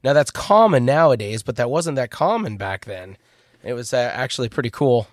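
Male podcast host, casual and animated, dead-dry close mic. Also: mid-range voice, moderate pace, dry recording. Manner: animated, trails off mid-thought. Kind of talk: casual chat.

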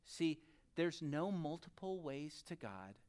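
A pastor preaching a sermon who speaks straight to the congregation and swings between loud, urgent stretches and soft, quiet ones. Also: mid-range voice, very animated, takes it slowly. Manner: addresses the audience directly.

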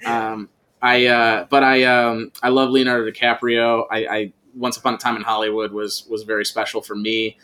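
A man's voice: mid-range voice, flat delivery, moderate pace, pushed and bright. A man guesting on a podcast, chatting casually and rambling with many fillers and restarts. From United States. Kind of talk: casual chat.

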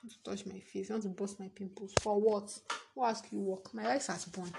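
A woman's voice: medium pitch, steady tone, brisk, vocal fry, a little mellow. A young woman from Nigeria with a Nigerian English accent, rambling in a casual vlog monologue, jumping between thoughts, laughing and swearing often. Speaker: vlogger.

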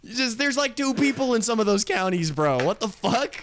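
A man's voice: very high voice, big pitch swings, brisk, fairly bright tone. A young man co-hosting a podcast, rambling and swearing in casual banter with frequent laughs. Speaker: podcast co-host.

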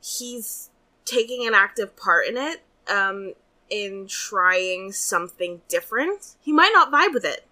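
A woman's voice: mid-range voice, expressive, unhurried, bright, forceful tone. A woman casually musing about her game character, hesitant and thinking aloud. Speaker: tabletop player.

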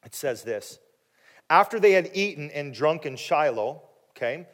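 A man preaching a sermon, animated and dramatic, acting out the people in the story and dropping quiet for questions to the listeners. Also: measured pace. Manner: animated, acting out quoted voices with big swings in pitch and loudness. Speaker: pastor.

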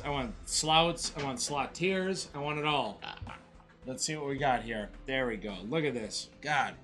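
Man, slot stream host, bright tense voice, rowdy, swearing, faint game music behind. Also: medium pitch. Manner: rowdy, excitable and profane, hyping the chat. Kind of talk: casual stream banter.

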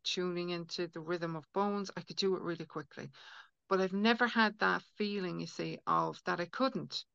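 Woman, guest, earnest, gravelly edges, smooth tone, dry lo-fi recording. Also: lowish voice, fairly bright tone, no echo. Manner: earnest, acts out inner voices in quotes. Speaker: guest healer. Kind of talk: casual podcast conversation. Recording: dull lo-fi audio, dry.

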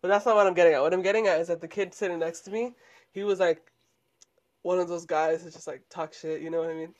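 Young man, higher register, lively laughing co-host. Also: fast. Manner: animated storyteller, laughs often. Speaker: podcast co-host. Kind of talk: casual chat.

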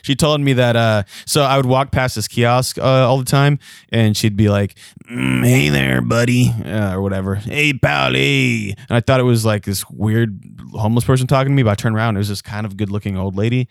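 A man co-hosting a podcast, chatting casually and throwing in quick jokes. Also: fairly low pitch, steady tone, no room sound, clean studio sound. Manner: joking, quick interjections. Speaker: podcast co-host.

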